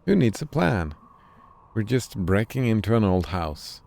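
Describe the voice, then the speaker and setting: A man voicing a sarcastic young female cat from a video game, read in a flat, offhand way. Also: lowish voice, a little slow, vocal fry, heavily acted. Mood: flippant.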